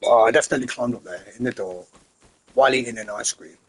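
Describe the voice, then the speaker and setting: A man's voice: medium pitch, quick pace, slightly rough. An English man giving rambling, chatty commentary while playing a game, talking to himself and his in-game horse. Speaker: gamer, channel host. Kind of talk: casual gameplay commentary.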